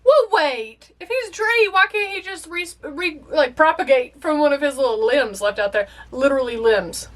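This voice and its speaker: A young woman with a high, bright-pitched voice reacts to a movie she's watching for the first time. She is excitable and emotional, talking straight back to the characters on screen. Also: moderate pace, hardly any pauses.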